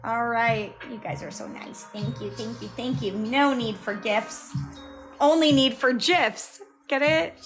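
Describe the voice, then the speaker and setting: A woman's voice: fairly high pitch, a little slow, a bit bright, rough recording. Chatty woman streaming a drawing tutorial. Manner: chatty, thanks viewers by name, explains steps aloud. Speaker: livestreaming cartoon artist. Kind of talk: casual live drawing tutorial. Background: music playing.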